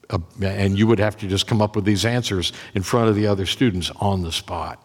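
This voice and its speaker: A man preaching as pastor, telling a personal story in a conversational way, often repeating and restarting words. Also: fairly low pitch. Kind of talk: sermon storytelling. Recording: long reverb of a church.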